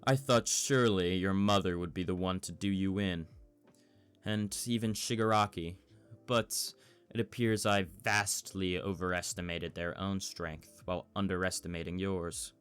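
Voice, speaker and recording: A man voicing a smug, scheming older male villain who taunts in a calm, measured way. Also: deep voice, clean tone, faint music behind. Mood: taunting.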